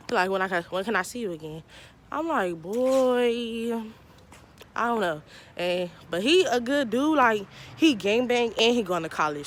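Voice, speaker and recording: Animated young woman telling a story. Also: on the low side, a little hiss or hum. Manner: animated storytelling, acting out both sides of the dialogue. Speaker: vlogger telling a personal story. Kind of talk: casual storytime.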